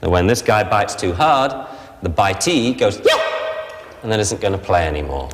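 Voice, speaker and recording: A man teaching a puppy training class in a lively, playful way. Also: on the low side, normal speed, big-room sound. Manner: lively, playful, acts out dog voices. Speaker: dog trainer.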